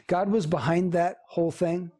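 A man's voice: sits high, steady tone, unhurried, darkish tone. A man preaching a sermon as pastor, earnest and emphatic, with repeated phrases.

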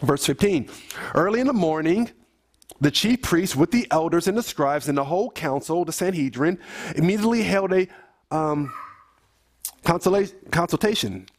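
A man with a fairly high voice reads scripture aloud to his family. He keeps breaking off into casual, emphatic commentary and restarts his sentences often. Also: animated, normal speed. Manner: conversational, emphatic asides, frequent restarts. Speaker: Bible study leader. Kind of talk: informal family Bible reading and commentary.

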